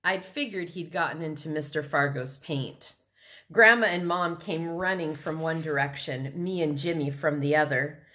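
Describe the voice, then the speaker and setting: A woman reading a children's novel aloud, expressive and unhurried. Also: low-pitched. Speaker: reader.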